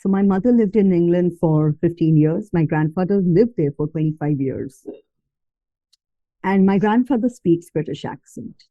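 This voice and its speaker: A woman's voice: on the low side, normal speed, dry recording, dull audio. A woman from India with an Indian accent, telling her story as a podcast guest in a casual interview, mixing Hindi words into her English.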